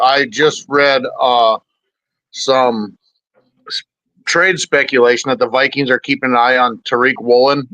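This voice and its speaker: A man's voice: medium pitch, pushed and bright, no room sound. Dry, muffled man chatting about football. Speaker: podcast co-host. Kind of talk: casual sports podcast chat.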